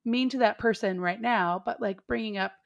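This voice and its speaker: A woman's voice: fairly high pitch, moderate pace, vocal fry, highs cut off. Rambling mother in casual conversation. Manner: rambling, searching for words, frequent "like". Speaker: interview guest, parent.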